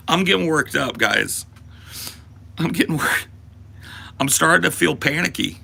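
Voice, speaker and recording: A man's voice: fairly high pitch, very animated, measured pace, creaky, pauses often, bright, forceful tone, a little hiss or hum. A man and podcast host in a profane, exaggerated comedic rant that swings into mock panic.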